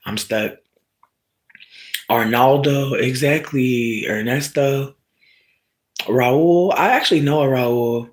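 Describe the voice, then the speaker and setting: Speaking slowly at a medium pitch, the streamer spins a casual story for viewers. It's profane and lively, with bursts of loud shouting and remarks tossed to the audience.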